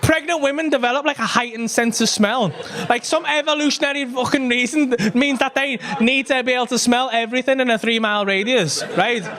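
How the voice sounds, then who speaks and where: A man, telling an animated, sweary stand-up story on a comedy club stage, tagging lines with "right?". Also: very high-pitched, fairly quick.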